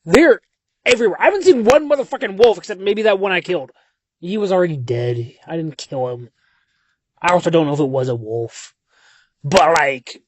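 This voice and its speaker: Sitting in his car on a country road at night, a young man records a long, profane, rambling voice message on his phone, drifting between thoughts in a dazed, tired state. His voice is a little high, briskly paced with lively intonation, and there is slight background noise.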